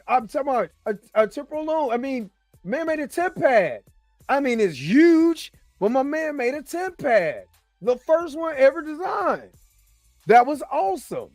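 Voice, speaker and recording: Male host, high voice, lively and jokey, dry close sound, soft music underneath. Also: no echo. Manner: animated, joking, talks to the audience. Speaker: host and movie reviewer. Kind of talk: casual reaction review.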